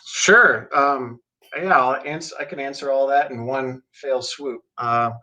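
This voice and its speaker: Relaxed, friendly male guest. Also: medium pitch, slow, low-quality recording. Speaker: guest, technical director. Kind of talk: casual interview talk.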